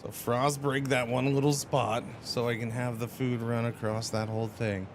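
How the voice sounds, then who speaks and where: A man's voice: mid-range voice, flat delivery, moderate pace, background noise. A man streaming a game, chatting casually and rambling with playful exclamations. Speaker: livestreamer. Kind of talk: casual gaming commentary.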